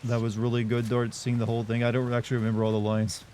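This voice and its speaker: A man's voice: medium pitch, completely flat delivery, quick pace, a little mellow, a little hiss or hum. A man chatting casually while streaming a game, rambling and answering his chat. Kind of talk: casual let's-play chat.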